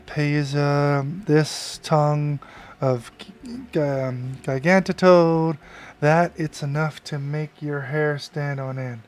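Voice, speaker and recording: A man reading out the lines of a chatty school clerk who welcomes a newcomer, slowly, stumbling over hard names. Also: on the high side, darkish tone.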